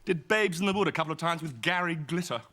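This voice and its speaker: A man's voice: a little high, expressive, fast talker. An actor playing a pompous, bossy, self-important man who barks orders in a sitcom. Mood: boastful. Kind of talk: sitcom acting. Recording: loud clicky noise.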